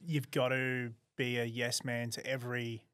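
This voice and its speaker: A man with an Australian accent in casual podcast chat, blokey and agreeable, quick to back up his partner. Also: mid-range voice, little pitch movement, a bit bright, clear, resonant tone, dry recording, studio quality. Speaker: podcast co-host.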